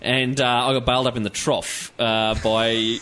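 Bright-voiced older Australian man. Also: medium pitch, little pitch movement, normal speed, slight background noise. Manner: rambling storyteller, swears, laughs often. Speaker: podcast host. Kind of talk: casual chat.

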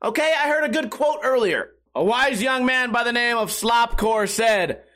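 A young man hosting a casual podcast, profane and animated, bursting into loud shouts. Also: very high voice, moderate pace. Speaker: podcast host. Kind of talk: casual rambling chat. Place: at home.

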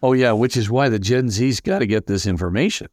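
An older man, a priest as guest, telling stories in an animated way and acting out the voices of the people in them. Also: mid-range voice, brisk, no room sound, clean studio sound. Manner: lively, acts out quoted voices, many fillers. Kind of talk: animated anecdotal storytelling.

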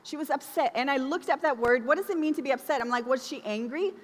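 A woman's voice: high-pitched, quick pace. Woman preaching in an echoing hall. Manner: conversational, emphatic, acts out quoted lines. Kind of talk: sermon. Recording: long reverb of a large hall.

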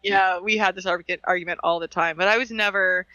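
A man's voice: high-pitched, steady tone, fairly quick, pushed and bright, no room sound, dull audio. A man on a podcast talking earnestly and sentimentally about the people he is grateful for. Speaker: podcast co-host. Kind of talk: heartfelt casual podcast chat.

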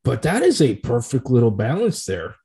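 Male co-host, relaxed and chatty, drifts between tasting notes and game talk. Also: medium pitch, normal speed. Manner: easygoing, rambling, tasting-note descriptions. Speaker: podcast co-host. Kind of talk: casual chat about sports and whiskey tasting.

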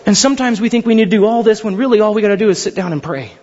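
Man, pastor, sermon, high voice, dull recording, long hall reverb. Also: racing. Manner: animated storytelling, acts out biblical characters.

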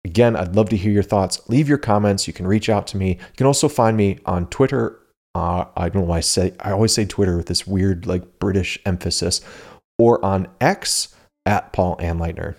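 A man's voice: deep voice, normal speed, darkish tone. A man hosting his own podcast, talking casually and animatedly and laughing at himself now and then. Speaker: podcast host. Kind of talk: casual solo podcast talk.

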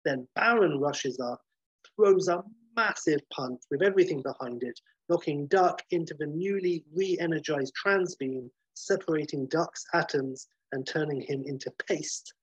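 Man, casual film recap, husky, fairly high voice, dry close sound, rambling with ums. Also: measured pace, dry recording, lo-fi sound. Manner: rambling, swears freely, many ums.

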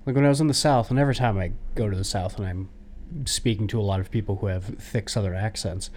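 A man's voice: on the low side, fast talker, a little mellow. A man from the United States co-hosting a podcast, telling stories in casual chat. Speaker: podcast co-host.

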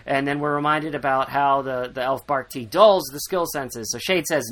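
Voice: medium pitch, normal speed, fairly bright tone. A podcast host recapping a book in casual chat, rambling, sarcastic and swearing freely.

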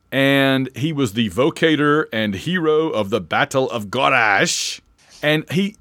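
A man's voice: a little high, a bit bright, dry recording, studio quality. A man co-hosting a podcast in casual chat, talking as an eager fan who often breaks off and restarts. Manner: chatty, enthusiastic fan, self-interrupting. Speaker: podcast co-host.

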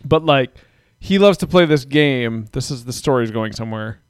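A man's voice: mid-range voice, animated, normal speed, clean tone, dry recording, clean studio sound. A man in his thirties, a father of young kids, rambling through a casual story with lots of swearing. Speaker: podcast co-host. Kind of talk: casual chat.

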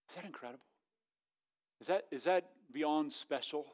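High-voiced animated pastor preaching. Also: male voice, moderate pace. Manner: jokey, animated, swings from loud to hushed. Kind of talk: sermon. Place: church sanctuary.

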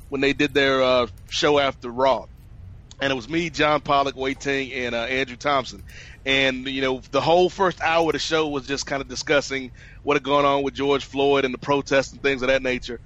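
A man's voice: medium pitch, fairly bright tone, lo-fi sound. A man hosting a casual podcast discussion, talking conversationally and addressing his co-host by name.

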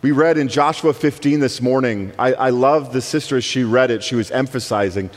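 A man preaching a sermon as guest speaker, emphatic, swinging between soaring lines and hushed ones. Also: mid-range voice, a little fast, hardly any pauses. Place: church sanctuary. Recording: long reverb of a church hall.

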